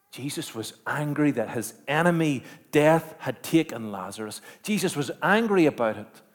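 A man preaching a sermon, moving between quiet, measured storytelling and loud, emphatic declarations with rhetorical questions. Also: medium pitch. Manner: dynamic, swings from hushed to emphatic, rhetorical questions.

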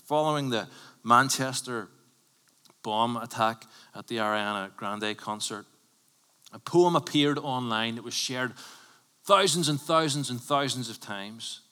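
A man preaching a sermon as a pastor, conversational and emphatic, swinging from loud bursts to hushed lines. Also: medium pitch, measured pace, smooth, long reverb tail. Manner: emphatic, conversational preaching with sudden bursts and drops to near whisper. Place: church.

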